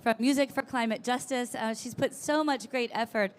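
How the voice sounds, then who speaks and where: A woman's voice: fairly high pitch, steady tone, moderate pace. Woman moderating a panel, filler-heavy. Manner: friendly, lots of um and uh fillers.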